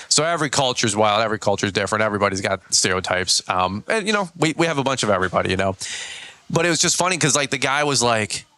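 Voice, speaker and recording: A man, a small business owner and podcast guest, telling stories in a casual, slangy way. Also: on the low side. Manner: animated storyteller, slangy. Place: Michigan.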